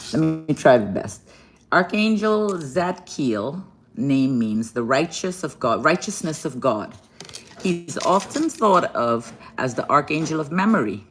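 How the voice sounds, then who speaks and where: Speaking from a hotel room, this Guyanese woman hosts a tender live-stream card reading, laughing frequently and addressing viewers as baby and darling. She has a low voice, with a little noise behind it.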